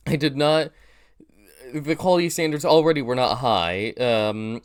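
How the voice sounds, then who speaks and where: A man's voice: mid-range voice, measured pace, clean tone. A young man with a nasal voice, rambling through casual reaction commentary with lots of fillers and restarts, poking fun at himself. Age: young adult. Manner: rambling, self-deprecating, many fillers and restarts. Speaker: YouTuber reacting to his old video.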